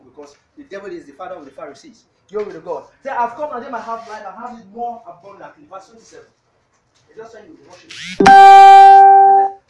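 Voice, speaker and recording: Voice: mid-range voice, dark tone. Preacher full of hallelujahs, echoey and distant. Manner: punctuates with frequent hallelujahs; asks the congregation questions. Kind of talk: sermon with Bible reading.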